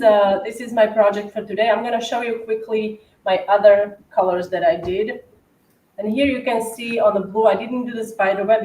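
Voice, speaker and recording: A woman co-hosting a decorating livestream chats easily, filling pauses with ums and soft laughs. Her voice sits at a middle pitch and sounds distant from the mic. The room is echoey, with a faint hiss behind her. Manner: chatty, with fillers and soft laughs. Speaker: cookie decorator co-host. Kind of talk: casual livestream chat.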